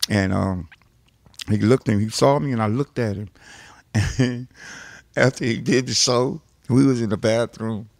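A man from Texas, an interview guest, telling long stories in an animated way, repeating words and swearing freely. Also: medium pitch, measured pace, creaky, no room sound. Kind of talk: animated storytelling.

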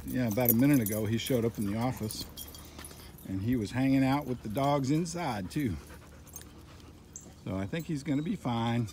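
A man of middling pitch chats casually about his animals and coos softly at them. The recording is full of loud background noise with dogs nearby. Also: moderate pace, long pauses. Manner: soft, cooing talk to animals. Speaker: animal caretaker and vlogger. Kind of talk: casual vlog talk.

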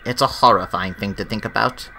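A man doing a gentle, kindly old engine. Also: lowish voice, a little fast, creaky, a little hiss or hum.

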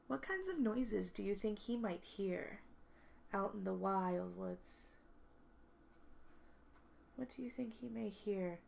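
A woman reading a picture book aloud to children, expressive and stopping to ask the listeners questions. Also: mid-range voice, takes it slowly, creaky, pauses often, slight background noise. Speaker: children's story reader.

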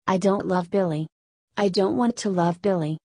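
A woman reading the part of a distraught young woman who talks in a tearful, halting way. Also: medium pitch, a little mellow, slightly rough, dry recording, clean studio sound.

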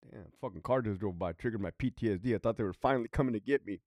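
A man's voice: lowish voice, very fast, darkish tone, no room sound, clean studio sound. A man, a former prison guard, telling stories in a casual, profane, emphatic way, often checking in with "right?". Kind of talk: casual storytelling monologue.

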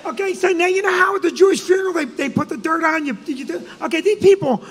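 A comedian co-hosting a live show, telling an animated, profane story and shouting his punchlines. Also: extremely high pitch, quick pace, long reverb tail, a faint crowd, slight background noise. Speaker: comedian and co-host.

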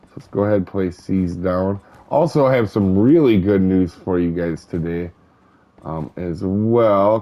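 A man hosting a gaming channel, chatting casually over gameplay in a relaxed, rambling way with many ums and uhs. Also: fairly low pitch, dull audio. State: hiccups. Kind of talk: casual let's-play commentary.

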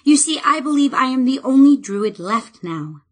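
A woman voicing an earnest, devoted young woman druid in an audiobook, speaking softly and heartfelt. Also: sits high, expressive, normal speed, pitched above the performer's own voice. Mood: tender.

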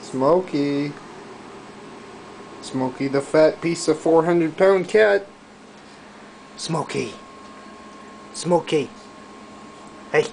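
A man filming his pet cat at home, coaxing and teasing it, shifting between loud urging and soft baby-talk whispers. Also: a little high, drawn-out words, vocal fry, long pauses, slight background noise, low-quality recording.

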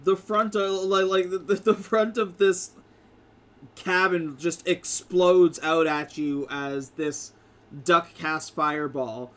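A man's voice: high-pitched, steady tone, slow pace. A man narrating as game master of a tabletop game, rambling with many fillers and restarts. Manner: rambling, full of "like" and "uh".

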